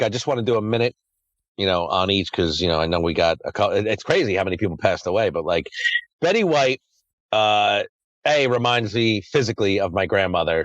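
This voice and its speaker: A man's voice: fairly low pitch, no echo, dull audio. A man hosting a podcast in a casual chat, rambling and swearing freely. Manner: crude, profane, rambling. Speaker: podcast host.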